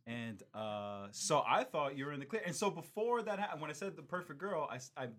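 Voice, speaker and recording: A man with a fairly high, bright voice defends himself in loose, joking banter. He draws out his story with mock-formal wording and a slow, deliberate delivery. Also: lively intonation. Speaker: podcast co-host. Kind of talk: casual comedic chat.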